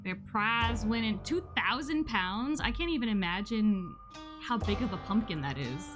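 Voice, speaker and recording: A woman streamer playing a story game and chatting with her viewers in a casual, friendly way. Her voice sits at an ordinary middle pitch. Quiet guitar music runs faintly behind her. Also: expressive, moderate pace. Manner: chatty, talks to chat while reading game text. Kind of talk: casual let's-play commentary.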